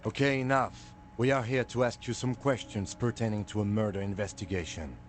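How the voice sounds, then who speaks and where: A man voicing a calm, stern police lieutenant who speaks in measured, clipped lines. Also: fairly low pitch, slight background noise, close to an everyday voice.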